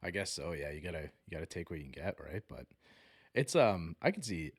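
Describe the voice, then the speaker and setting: A male podcast host with a low, deep voice. He talks in a relaxed, rambling way and fills his questions with lots of casual fillers. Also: brisk, breathy edge. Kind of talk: casual chat.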